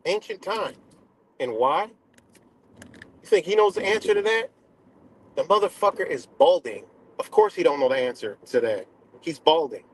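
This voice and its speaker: A man hosting a live stream, ranting casually and profanely, filling pauses with "right?" and "you know?". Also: a little high, lively intonation, a little hiss or hum. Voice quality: dreadlocks wearer talking in a loose, street-casual way.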